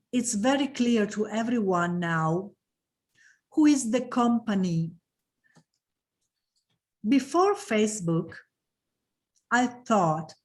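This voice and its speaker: Slow, emphatic woman trainer. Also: medium pitch. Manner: emphatic, repeats phrases, emotional about her subject. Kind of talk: online training session.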